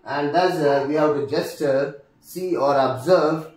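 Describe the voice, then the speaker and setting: A man with an Indian English accent teaching a lesson on word stress, speaking deliberately and repeating each example word. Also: a little high, a little mellow. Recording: echoey room, distant mic.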